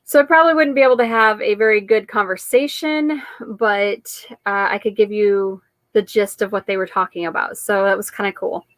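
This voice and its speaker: A woman's voice: mid-range voice, steady tone, normal speed, no echo. A woman hosting her weekly live-stream chat, talking in a rambling, chatty way with frequent laughs.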